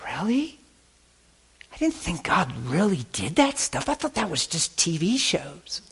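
A woman's voice: medium pitch, big pitch swings, a little fast, a little mellow, voice pushed up, natural voice. A man voicing an astonished young woman on a plane, incredulous and breathless. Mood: amazed.

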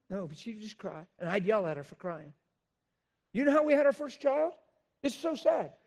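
High-voiced preacher, shouting and confessing. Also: male voice, lively intonation, normal speed. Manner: swings from loud shouting to quiet storytelling; blunt, confessional. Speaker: pastor. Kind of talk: sermon.

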